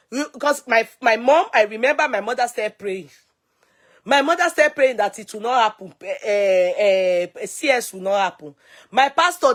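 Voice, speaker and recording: A woman in her thirties with a Nigerian accent, casually and dramatically telling her own story to the camera. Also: fairly high pitch. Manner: dramatic, expressive retelling.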